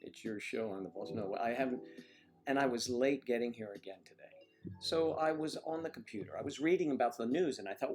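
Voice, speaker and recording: A man hosting a casual livestream from home, rambling and swearing, with sudden jumps into high-pitched acted quotes. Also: fairly quick. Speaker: livestream host. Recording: loud music playing behind.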